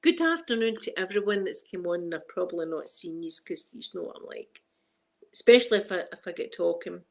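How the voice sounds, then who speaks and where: A woman's voice: on the low side, animated, a little fast, vocal fry. Scottish woman, live-stream host, rambling chatty delivery, laughs easily. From Scotland. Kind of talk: casual chat with live viewers.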